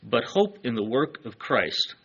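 A man's voice: medium pitch, big pitch swings, unhurried, gravelly, fairly bright tone, husky, lo-fi sound. A man preaching a sermon, earnest and emphatic, letting his phrases fall away at the ends.

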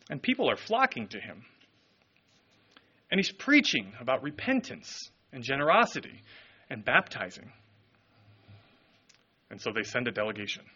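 Animated preaching man, bright and husky. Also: muffled recording. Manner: animated storytelling preacher, expressive swings in pitch. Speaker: pastor. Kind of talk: sermon.

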